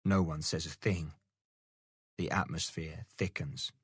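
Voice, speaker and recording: A man narrating a novel aloud in a steady, measured storytelling manner. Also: extremely low pitch, slightly rough, dry recording, clean studio sound. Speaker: audiobook narrator. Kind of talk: scripted narration.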